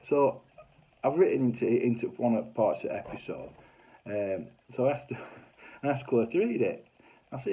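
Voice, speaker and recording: A man's voice: mid-range voice, sing-song, normal speed, pauses often, slight background noise. A middle-aged man with a Northern English accent, telling funny stories in a casual, broad way with mild swearing. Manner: chatty, broad, swears mildly, acts out voices. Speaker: comedy sitcom writer telling stories. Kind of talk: casual anecdotal storytelling. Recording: tinny phone-like audio.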